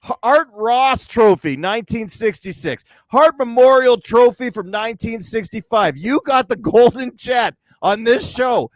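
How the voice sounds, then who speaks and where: A man co-hosting a podcast in casual chat, excitable and quick to swear. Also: very high-pitched, dry recording. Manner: excitable, swearing, fast bursts. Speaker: podcast co-host.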